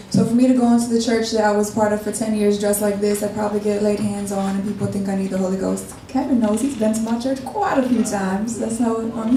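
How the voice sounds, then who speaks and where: A woman in her twenties, a guest spoken word artist, telling a candid personal story in an animated way and acting out the dialogue. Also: medium pitch. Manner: animated, acts out quoted dialogue. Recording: echoey room, mic far off, faint noise.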